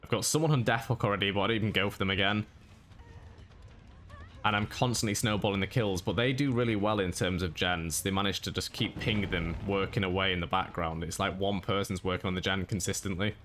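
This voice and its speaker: A man giving a monotone, matter-of-fact voice-over commentary on his own gameplay. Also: deep voice, a little fast, a little hiss or hum. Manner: monotone delivery. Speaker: gaming YouTuber.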